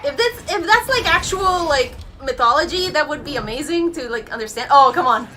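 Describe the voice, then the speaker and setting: A woman hosting a reaction video, cheering, swearing and shouting at the screen in excited casual commentary. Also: high voice, a little fast, a little hiss or hum.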